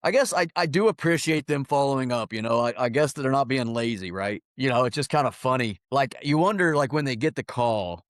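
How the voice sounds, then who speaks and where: A man's voice: medium pitch, lively intonation, a little fast, few pauses, no echo, clean studio sound. An American man hosting a podcast, chatting in an amused, easygoing way. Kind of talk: casual conversation.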